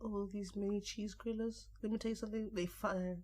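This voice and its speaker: A woman's voice: mid-range voice, level tone, brisk, darkish tone. A young South African woman with a South African accent co-hosting a casual podcast chat, teasing her friend and laughing easily. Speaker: podcast co-host.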